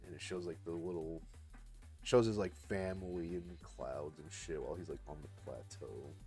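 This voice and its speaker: A man's voice: sits low, normal speed, a little mellow, faint music behind. A young man casually retelling a story on his live art stream, rambling with lots of fillers and swearing. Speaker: livestreaming artist.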